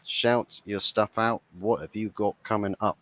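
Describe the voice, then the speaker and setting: A man, hosting a casual, relaxed chat. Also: lowish voice, unhurried. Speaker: host.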